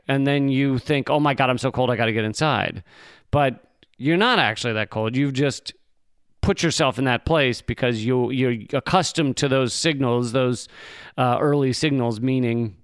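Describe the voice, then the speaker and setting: A man's voice: medium pitch, clear, resonant tone, no echo. A man co-hosting a podcast in casual chat, explaining things wryly with the odd curse. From Virginia. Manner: explaining, wry, occasional swearing. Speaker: podcast co-host.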